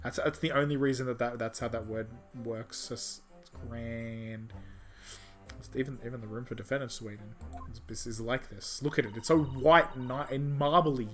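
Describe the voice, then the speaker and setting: A man's voice: mid-range voice, steady tone, normal speed, music in the background. A man streaming a game playthrough, chatting casually and joking in a rambling, self-mocking way.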